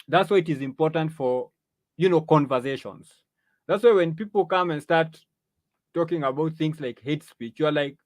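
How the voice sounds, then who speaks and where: Male host, conversational commentary with frequent restarts, slightly high voice, dry close sound. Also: no room sound. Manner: repeats and restarts words often, conversational. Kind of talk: commentary on clips.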